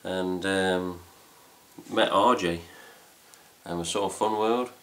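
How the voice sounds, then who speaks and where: A deep-voiced, middle-aged Englishman who hosts a fan site chats casually to camera from a room at home with his cats. He rambles and swears casually, speaking slowly with fairly even intonation and a slightly bright tone.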